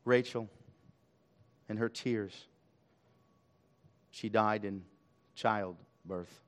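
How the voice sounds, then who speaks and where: A male pastor preaching a sermon, swelling loud on key lines and dropping to a hush. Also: lowish voice, steady tone, extremely slow.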